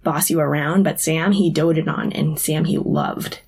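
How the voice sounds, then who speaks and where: A woman's voice: sits low, fairly even intonation, unhurried, darkish tone, husky. A woman retelling scenes of a TV show in casual chat, quoting characters with "he's like". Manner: narrates with many "he's like" quotes. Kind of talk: casual chat recapping a TV episode.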